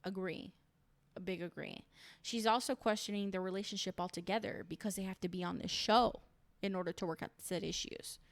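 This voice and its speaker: A woman's voice: mid-range voice, steady tone, fairly quick, dry recording. A woman recapping a reality show in casual, opinionated chat, full of "like" and "um". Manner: chatty and opinionated, lots of "like" and "um".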